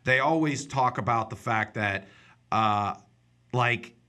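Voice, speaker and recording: A man's voice: medium pitch, slow pace, bright, forceful tone. A man hosting a casual talk show, rambling and joking, often slipping into silly put-on voices. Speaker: radio show host. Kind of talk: casual banter.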